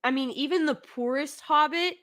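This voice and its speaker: A woman's voice: high-pitched, normal speed, fairly bright tone. Emphatic woman ranting on a live review. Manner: emphatic, repeats points over and over; exasperated, critical. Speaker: host of a live review stream. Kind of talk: live-streamed TV review, off-the-cuff rant.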